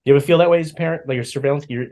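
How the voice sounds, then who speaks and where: A middle-aged man co-hosting a podcast, chatting casually and telling stories with lively acted-out asides. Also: on the high side, rapid-fire. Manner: animated storyteller, acts out his own past lines. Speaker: podcast co-host. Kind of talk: casual chat.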